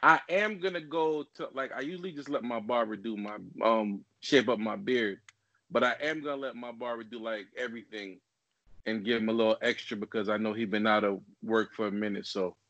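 A man's voice: on the low side, a little fast, fairly bright tone, no echo, lo-fi sound. A man co-hosting a podcast, chatting casually and laughing often. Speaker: podcast co-host. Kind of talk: casual chat.

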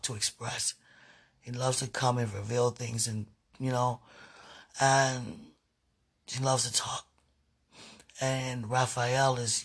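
Slow, husky man, intimate murmuring monologue. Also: medium pitch, fairly bright tone. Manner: breathy and searching, murmuring and humming between phrases; rambling and halting, full of "you know". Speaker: podcaster.

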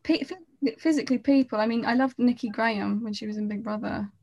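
A woman's voice: a little high, brisk, darkish tone, dull audio. A woman chatting as a podcast guest, rambling and self-deprecating, trailing off mid-sentence. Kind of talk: casual chat.

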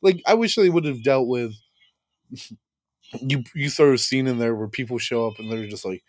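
A man's voice: medium pitch, normal speed, no echo, studio quality. A man hosting a podcast in casual chat about a film, laughing often and acting out scenes in quotes. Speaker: podcast host. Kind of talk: casual movie review chat.

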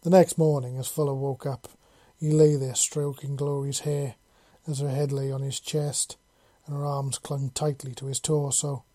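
An audiobook narrator reading a story aloud in a steady, even storytelling manner. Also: medium pitch, normal speed, few pauses, dry recording. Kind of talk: reading fan fiction aloud.

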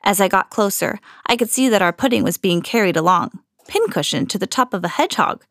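A woman reading a children's storybook aloud in an expressive, storytelling manner. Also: medium pitch, brisk, no room sound, studio quality. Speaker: podcast host reading to children.

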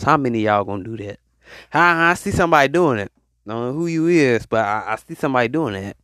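A man's voice: mid-range voice, expressive, a bit bright, no room sound, studio quality. A man hosting his podcast, preaching. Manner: call-and-response exhortation, drawn-out hype. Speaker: podcast host. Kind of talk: motivational preaching monologue.

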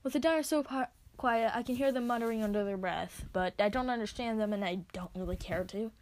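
A woman reading her own story aloud, expressive as she narrates. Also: on the high side, fairly quick, slight background noise. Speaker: reader.

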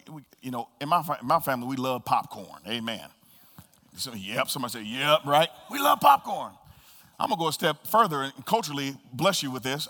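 A man preaching a sermon as pastor, swinging between loud bursts and hushed asides. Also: a little high. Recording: reverberant hall.

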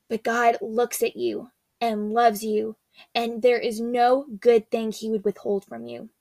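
A woman's voice: on the high side, creaky, no room sound. Earnest, chatty young woman, dry sound. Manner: chatty, earnest, slangy storytelling. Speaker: faith speaker. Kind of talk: casual devotional talk.

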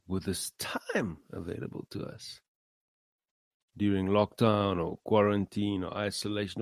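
A man hosts a motivational talk in a slow, gravelly voice that swings widely in pitch. He halts often, repeats words and leans hard on key phrases. The sound is dry and close. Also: no room sound. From South Africa. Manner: halting, many fillers and repeated words; earnest, rising emphasis on key phrases. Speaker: podcast host. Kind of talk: motivational monologue.

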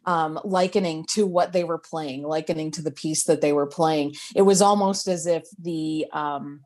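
Interviewee, woman, lowish voice, chatty and halting storyteller. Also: steady tone, darkish tone. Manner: chatty, hesitant storyteller with frequent restarts. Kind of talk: casual oral history interview.

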